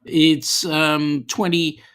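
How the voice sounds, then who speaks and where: A man's voice: fairly high pitch, flat delivery, extremely slow, a bit bright, clean tone. Easygoing Australian man reading chat. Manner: chatty and easygoing, with many ums and slang. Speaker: livestream host. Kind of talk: casual livestream chat, reading viewer comments aloud.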